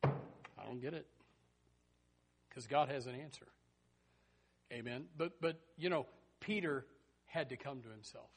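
A man preaching a sermon in a folksy, animated way, full of rhetorical questions and chuckling asides. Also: medium pitch, unhurried, long pauses, slight background noise.

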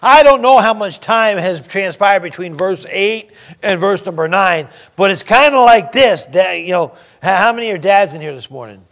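A pastor delivers a sermon in a church, his voice high-pitched for a man and expressive. He reads scripture slowly and deliberately, drops into quiet asides, then rises again with emphasis.

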